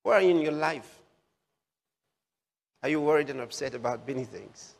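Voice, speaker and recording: A man's voice: fairly high pitch, moderate pace, creaky. Preacher man with a ringing hall echo. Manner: repeats phrases for emphasis, asks listeners questions. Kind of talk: sermon.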